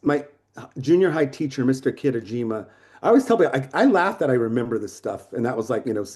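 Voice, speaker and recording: A man in his sixties telling stories of his career as a photographer in a casual interview, lively, swearing, acting out the people he quotes. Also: mid-range voice, fast. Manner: animated, swearing storyteller who acts out quotes. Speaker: photographer guest.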